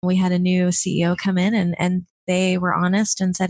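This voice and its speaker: A woman's voice: fairly low pitch, completely flat delivery, brisk, hardly any pauses, a little mellow, dry recording. A woman in her thirties, a podcast guest, telling candid stories with frequent laughs and acted-out quotes. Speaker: guest, former chief of staff. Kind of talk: casual podcast interview.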